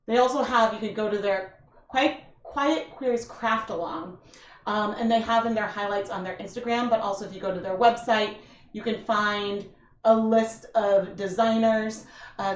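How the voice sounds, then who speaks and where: A woman in her thirties chats her way through a craft livestream, her talk halting, full of fillers and restarts. The audio is roomy and a little dull, like a home stream. Her pitch sits in an ordinary middle range. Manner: emotional, tearing up while thanking donors. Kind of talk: casual livestream chat.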